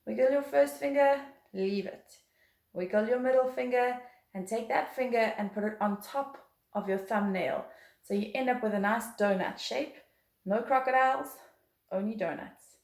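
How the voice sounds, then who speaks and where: A woman's voice: on the high side, normal speed, vocal fry, a little mellow. Encouraging woman teaching violin, roomy sound. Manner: patient, encouraging, counts and chants rhythms aloud. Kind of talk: beginner music lesson. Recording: roomy echo.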